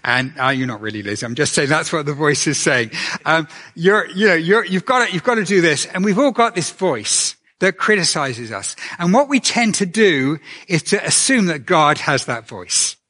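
A man giving a conversational sermon as a preacher, earnest and gentle, asking his listeners questions. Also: fairly high pitch, very animated, normal speed.

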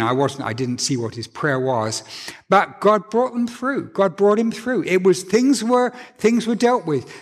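Earnest, animated male pastor preaching. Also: on the high side, in a large hall. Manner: earnest, animated, with frequent restarts. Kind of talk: conversational sermon. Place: church.

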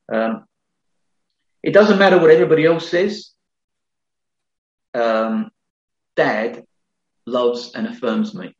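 A middle-aged man preaching a sermon in an earnest, conversational way, often restarting his phrases. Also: mid-range voice. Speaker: pastor. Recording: echoey hall, slightly dull sound.

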